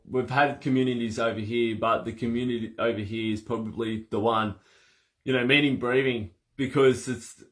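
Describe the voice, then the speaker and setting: A man coaching breath work in a casual conversation, animated and laughing as he acts out little scenes. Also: mid-range voice.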